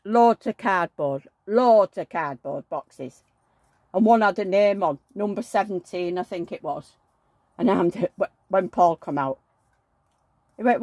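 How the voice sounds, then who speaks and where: A woman's voice: lowish voice, expressive, normal speed, darkish tone, dry recording. A woman who chats bluntly while she works, talking fondly to her dolls and grumbling about her neighbours. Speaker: doll collector vlogger. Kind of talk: chatty running commentary while working.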